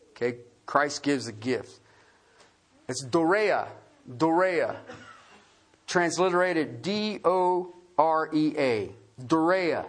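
A man preaching an expository sermon, casual and conversational, often checking in with his listeners and spelling out words. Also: fairly high pitch. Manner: animated and conversational, frequent "Okay?" check-ins.

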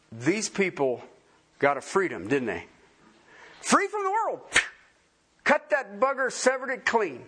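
A husky-voiced man preaches as pastor, delivering his sermon emphatically and repeating phrases for stress. He swings between soft asides and loud, high emphasis.

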